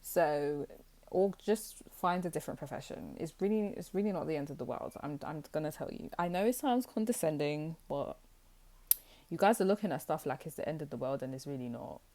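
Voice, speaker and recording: A woman's voice: sits low, lively intonation, a little fast, mellow. A young woman giving a casual tarot reading to camera, blunt and teasing, with lots of filler words. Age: young adult. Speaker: tarot reader.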